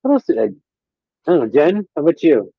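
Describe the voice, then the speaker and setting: A man's voice: a little high, big pitch swings, quick pace, gravelly, husky, dry recording. A man co-hosting a podcast in casual chat, hesitant, with many fillers. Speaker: podcast co-host. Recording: dull, muffled line.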